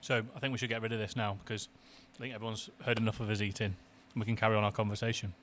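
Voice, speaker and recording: A man hosting a podcast, chatting casually and asking quick-fire questions over afternoon tea in a restaurant. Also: on the low side, flat delivery, fairly bright tone, a little hiss or hum. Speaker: podcast host, marketing director. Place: restaurant in the city.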